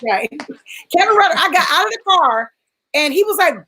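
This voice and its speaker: A woman talks in a relaxed panel chat. She tells her story with feeling and acts out the voices of the people in it. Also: extremely high pitch, a little fast, low-quality recording. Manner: animated storytelling, acting out quoted voices. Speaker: panelist sharing a personal story. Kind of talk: casual chat.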